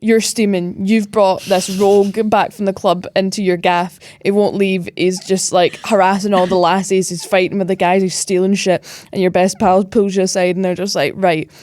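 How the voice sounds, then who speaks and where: A woman's voice: mid-range voice, flat delivery, moderate pace, hardly any pauses, darkish tone, dry recording. A woman co-hosting a podcast, bantering and swearing freely in casual film chat. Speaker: podcast co-host.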